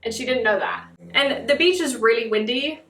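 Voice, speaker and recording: Young American woman guest, bright-toned, chatty storyteller, recorded off mic in a roomy space. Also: on the high side, moderate pace, far from the mic. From United States. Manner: chatty, lots of "like" fillers. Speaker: podcast guest. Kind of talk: casual chat, storytelling. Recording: echoey room, off mic.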